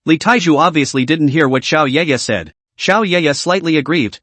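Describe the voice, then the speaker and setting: A man's voice: on the high side, animated, moderate pace, few pauses, fairly bright tone, no echo. A man reading a scripted story recap, voicing every character in the same plain narrating voice.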